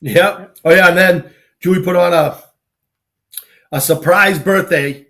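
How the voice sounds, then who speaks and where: A high-pitched man from Boston speaks at an unhurried pace while hosting a casual talk show. He tells stories full of salty slang, animatedly acting out the dialogue he quotes.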